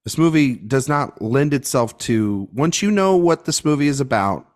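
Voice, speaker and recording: A man co-hosting a casual film podcast, talking in an animated, halting way with frequent restarts. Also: mid-range voice. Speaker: podcast co-host.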